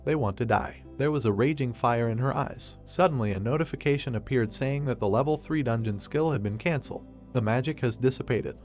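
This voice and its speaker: A man narrating a comic story recap in an even, scripted storytelling delivery. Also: medium pitch.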